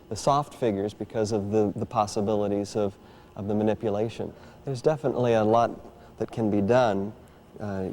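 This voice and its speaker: A man's voice: lowish voice, warm tone, slight background noise. A man, a ventriloquist, talking thoughtfully in a documentary interview with many restarts.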